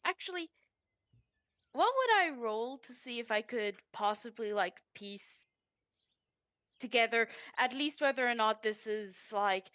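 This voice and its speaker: Bright, excitable woman player. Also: on the high side, a little slow. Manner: excitable, chatty. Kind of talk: tabletop game chat.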